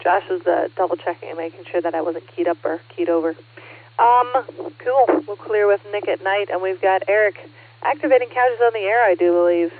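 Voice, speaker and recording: A woman running a ham radio net as net control, chatty and quick to laugh. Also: medium pitch. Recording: narrow ham radio transmission.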